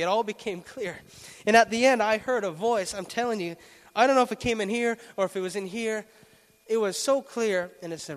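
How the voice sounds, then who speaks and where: High-voiced man telling a story in a reverberant hall. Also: brisk. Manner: animated storytelling, laughs often, acts out quotes. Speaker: speaker giving a testimony. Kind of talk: personal testimony talk. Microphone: handheld microphone.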